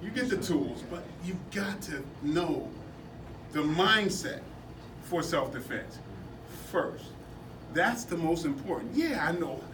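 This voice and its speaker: A man telling animated stories to a seminar class, laughing often as he talks. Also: fairly high pitch, slow pace. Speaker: martial arts seminar instructor. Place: indoor seminar room at a convention. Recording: echoey room, distant from mic, background noise.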